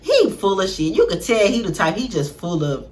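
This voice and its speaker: A woman hosting a casual reality-show recap, animated and slangy, often laughing as she talks. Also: medium pitch, moderate pace. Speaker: vlog host.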